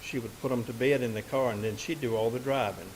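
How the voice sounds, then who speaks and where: A man's voice: medium pitch, steady tone, fast talker, a little hiss or hum, low-quality recording. A man, a musician and bandleader telling a story to a live audience from the stage. He talks in a folksy, rambling way, with lots of "and, uh" restarts.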